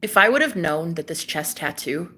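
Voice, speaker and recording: A woman chatting casually on a live stream, dramatic and gushing, swinging from loud exclamations to hushed asides. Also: on the low side, lively intonation, normal speed, slightly rough.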